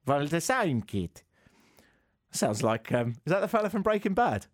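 A man's voice: high voice, very animated, brisk, dry recording, studio quality. A young man in his twenties, co-hosting a casual radio chat, playful and jokey, stumbling over foreign words. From England. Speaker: radio co-host.

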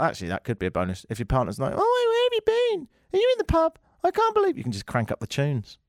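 A man's voice: mid-range voice, a little mellow, no room sound, studio quality. A man hosting a comedy show, ranting sarcastically about tech news and mocking it with silly voices.

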